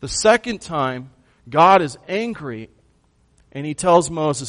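A man preaching a sermon, who swings from hushed lines to loud bursts and puts questions to his congregation. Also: a little high, big pitch swings, slow. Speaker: pastor.

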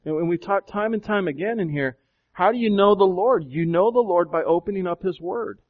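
Man, pastor's sermon, fairly high voice, rhetorical questions, emphatic, dull lo-fi sound. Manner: questions the congregation, with emphatic swells and slowed, drawn-out phrases. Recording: dull lo-fi recording.

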